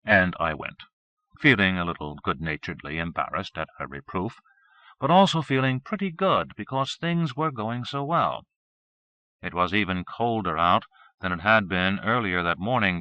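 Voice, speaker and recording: A man narrating a first-person novel as an audiobook, with steady, measured reading. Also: lowish voice, no room sound. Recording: dull 1980s cassette recording.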